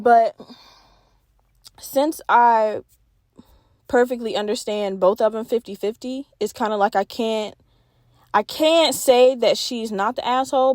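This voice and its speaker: A young woman hosting a solo podcast, talking in a candid, profane, animated way. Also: medium pitch, dry recording, studio quality. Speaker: podcast host.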